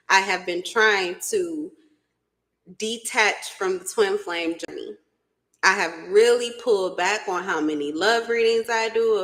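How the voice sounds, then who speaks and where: A woman's voice: medium pitch, a bit bright, poor audio. A woman doing a casual spiritual reading who keeps breaking into laughter and talks bluntly, swearing freely. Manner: blunt and profane. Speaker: spiritual reader. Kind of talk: casual tarot reading chat.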